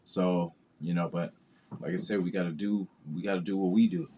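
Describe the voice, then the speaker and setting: Guy hosting a podcast, low dark voice, bit husky, rambly with lots of uhs. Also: steady tone, a little fast. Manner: rambling, many fillers and restarts. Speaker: podcast host. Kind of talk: casual football chat.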